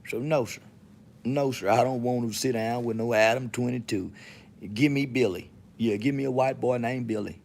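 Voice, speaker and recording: A man's voice: medium pitch, moderate pace, creaky, darkish tone. A man from Texas with a Southern accent, hosting his podcast alone in a profane, swaggering, mocking rant. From Texas, USA. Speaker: podcast host. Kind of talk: solo monologue to camera.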